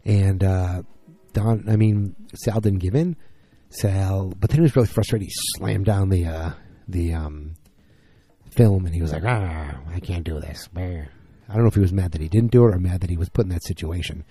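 A tired man casually recapping a TV episode, rambling and acting out the characters' lines in quick bursts. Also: low voice, dark tone, breathy edge, no room sound. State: tired, yawning. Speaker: podcast host recapping a TV episode.

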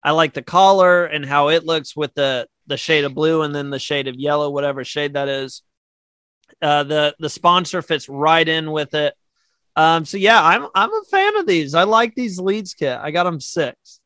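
A man co-hosting a casual sports podcast, relaxed and chatty, often laughing and restarting his sentences. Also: a little high, moderate pace, no room sound. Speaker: podcast co-host. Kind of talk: casual chat.

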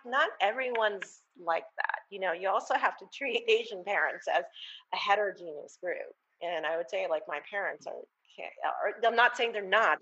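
A woman author, a guest on an interview podcast, talking casually and thoughtfully, with halting restarts. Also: mid-range voice, fairly bright tone, breathy edge, lo-fi sound. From United States.

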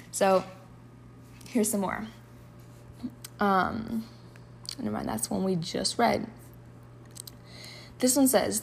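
A woman talks candidly and emotionally, full of casual "like" fillers, at a middling pitch. She shifts into reading poems aloud, sometimes softly whispering the lines. A faint hum sits under her voice. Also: fairly even intonation, normal speed, vocal fry, pauses often. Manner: emotional, confessional, with frequent filler "like". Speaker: podcast host. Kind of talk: candid personal storytelling and poetry reading.

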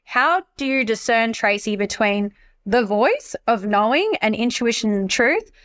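A woman hosting a podcast interview in casual, expressive chat, swearing freely and acting out the voices she quotes. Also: a little high, unhurried. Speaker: podcast host.

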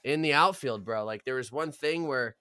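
A man's voice: medium pitch, moderate pace, pushed and bright, clear, resonant tone, no echo, studio quality. A young man co-hosting a podcast in casual chat, laid-back and profane, often saying "bro.". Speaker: podcast co-host. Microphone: podcast mic.

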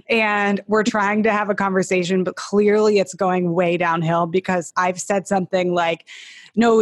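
A woman's voice: medium pitch, no echo. Chatty woman host, dry close sound. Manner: chatty, candid, laughs easily, tells personal stories. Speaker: podcast host. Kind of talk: casual podcast chat.

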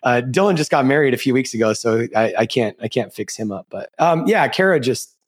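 A man's voice: medium pitch, animated, brisk, slightly rough. A man co-hosting a podcast, talking candidly and loosely, swearing casually. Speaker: podcast co-host.

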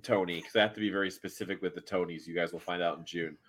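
A man, a guest band member, telling animated stories in a casual podcast chat, swearing and repeating himself. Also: low-pitched, quick pace, husky. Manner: animated storyteller, swears freely, repeats words.

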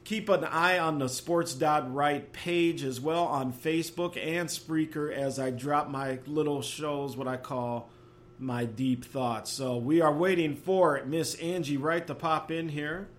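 A man's voice: a little high, steady tone, a little slow, slight background noise. Hyped man hosting a sports call-in show. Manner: loud, hyped, playful. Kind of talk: live call-in radio chat.

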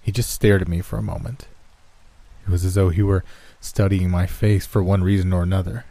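Deep-voiced man narrating a horror story. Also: brisk, no echo. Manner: steady first-person storytelling. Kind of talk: scripted narration.

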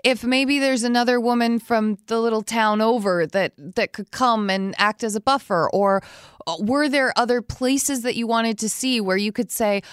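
A woman talks through a listener's problem in a relaxed, conversational way. Her voice is smooth and clear. She is recorded close and dry in a studio, and she sometimes acts out quoted lines. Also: a little high, normal speed, no echo. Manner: chatty, animated, laughs often, acts out quoted lines. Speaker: advice podcast co-host. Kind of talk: casual advice chat.

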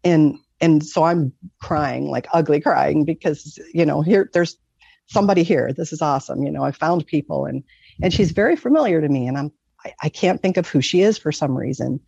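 A middle-aged woman from Michigan recounts a personal experience in a casual, earnest, rambling way, full of fillers. Her voice has a gravelly edge. The recording is dry and a little dull. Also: sits low, moderate pace, mellow, no echo. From Michigan, USA. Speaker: guest telling a near-death story.

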